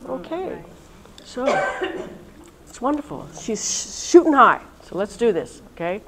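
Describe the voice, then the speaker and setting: A woman, a religious sister, leading a reunion session in a chatty, lively way and talking straight to her audience. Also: on the high side, a little slow, crowd noise, rough recording. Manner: chatty and lively, talks directly to listeners. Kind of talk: informal talk to a live audience. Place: college event room.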